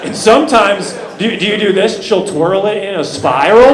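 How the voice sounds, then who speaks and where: Animated man doing stand-up in echoey club. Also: moderate pace, hardly any pauses, a crowd in the background. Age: 30s. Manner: animated, jumps between loud outbursts and low mutters. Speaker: stand-up comedian. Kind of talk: stand-up set. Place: comedy club stage. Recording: echoey club with loud room noise.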